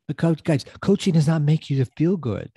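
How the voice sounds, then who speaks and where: A man's voice: a little high, expressive, brisk, dark tone, breathy edge, no room sound, studio quality. A middle-aged man hosting a motivational coaching podcast, emphatic and casual, often repeating phrases for effect. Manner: casual, loose grammar.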